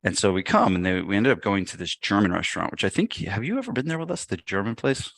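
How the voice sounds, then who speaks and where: A gym owner guesting on a podcast tells a story casually and animatedly, acting out what people said. He speaks in a lowish voice at a quick pace.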